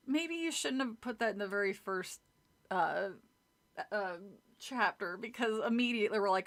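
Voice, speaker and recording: A woman's voice: mid-range voice, normal speed. A woman streamer reading a children's book aloud and chatting casually, joking, swearing and laughing at the story.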